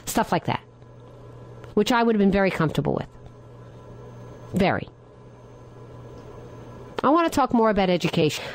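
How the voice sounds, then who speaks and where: A woman's voice: on the high side, no room sound, poor audio. A middle-aged woman hosting a talk radio show, giving her opinions in a monologue and firing rhetorical questions at her listeners.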